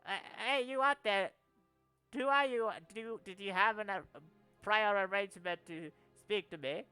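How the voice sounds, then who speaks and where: A man voicing a squeaky, fussy old male professor with fish scales. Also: steady tone, fairly quick, bright, forceful tone, dry recording, soft background music. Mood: alarmed.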